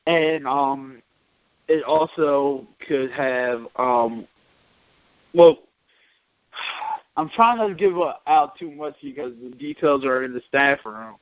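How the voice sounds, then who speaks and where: A man's voice: medium pitch, slow pace, pauses often, no room sound. Laid-back man in casual chat. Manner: laid-back, hesitant, many fillers. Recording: dry lo-fi recording.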